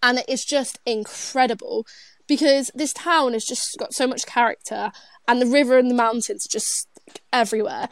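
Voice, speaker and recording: A woman's voice: on the high side, steady tone, moderate pace, dry recording. A young British woman co-hosting a podcast, chatty and giggly, full of fillers like "like". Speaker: podcast co-host. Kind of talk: casual podcast chat.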